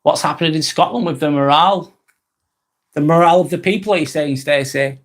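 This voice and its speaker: An Englishman with a fairly bright, somewhat high voice hosts a live vlog, talking a little quickly. He reads chat comments aloud in a loose, rambling way, repeating himself and filling gaps with lots of "um"s.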